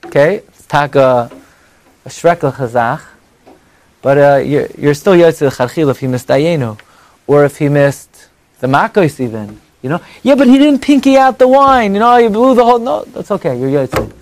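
A man with a high voice teaches an evening class to a live audience. He is animated and conversational, jumping between bright exclamations and quiet asides, and he keeps firing rhetorical questions. The sound is dry and close, with almost no room echo. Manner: quick rhetorical questions and mock dialogue.

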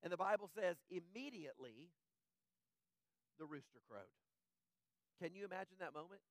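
A male pastor preaching a conversational sermon, often checking in with "right?" and dropping soft and low in tender moments. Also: animated, moderate pace, dry recording.

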